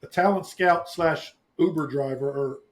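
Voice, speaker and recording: A man's voice: a little high, measured pace, background noise. A man co-hosting a casual chat podcast, rambling through stories and teasing his co-host.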